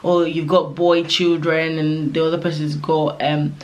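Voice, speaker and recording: A woman's voice: low voice, little pitch movement, unhurried, darkish tone. A young woman talks casually to camera like she is chatting with a friend. Her delivery rambles from point to point, stuffed with "like" and small fillers. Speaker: vlogger giving advice. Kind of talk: casual advice talk to camera.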